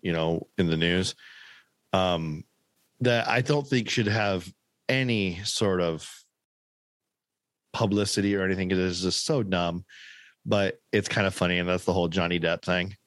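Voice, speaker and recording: Low-voiced man chatting on a podcast. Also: measured pace, long pauses, no room sound. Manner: animated storyteller, laughs, mimics voices. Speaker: podcast co-host. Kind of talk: casual chat.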